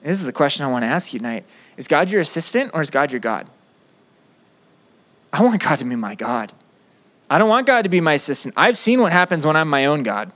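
A young man preaching a sermon as a campus pastor, animated and acting out prayers in quoted voices. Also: fairly high pitch, a little fast, pauses often. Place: campus ministry room.

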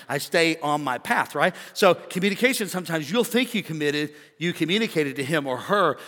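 A man preaching a sermon as a pastor, animated and conversational, joking with the crowd from the stage. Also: fairly high pitch, fairly quick, in a large hall. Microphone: stage microphone.

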